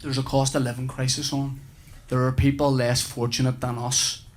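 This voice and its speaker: A man's voice: medium pitch, flat delivery, moderate pace, close to an everyday voice. A man voicing a pompous, self-righteous father lecturing his son. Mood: preachy. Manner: preachy and sanctimonious. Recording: noisy live recording.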